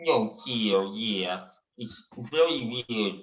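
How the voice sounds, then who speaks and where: A young guest comedian and impressionist chats casually on a video call in a lowish, animated voice at a slow pace. He's playful and tends to repeat words as he starts sentences. The call audio is dull and lo-fi.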